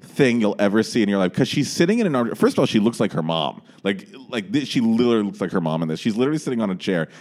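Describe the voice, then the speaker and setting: A man hosting a podcast, telling a story in a rambling, animated way with frequent restarts, in a small podcast room. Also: lowish voice, rapid-fire, few pauses. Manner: rambling, animated, lots of restarts and self-interrupting. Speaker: podcast host. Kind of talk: casual storytelling chat.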